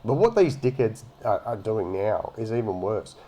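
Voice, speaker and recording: A man's voice: fairly low pitch, big pitch swings, normal speed, mellow. A man giving a profane, mocking rant as he comments on a video. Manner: ranting and mocking, heavy swearing. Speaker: reaction commentator.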